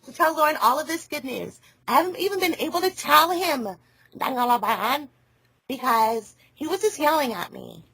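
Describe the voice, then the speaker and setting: A woman's voice: high-pitched, animated, moderate pace, sharp tone, no echo. A woman on a phone call who rambles, loses her train of thought and laughs often. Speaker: caller.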